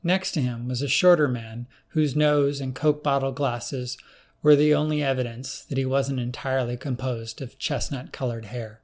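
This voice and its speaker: A man narrating a first-person story in a measured, plain storytelling manner. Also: medium pitch, fairly even intonation.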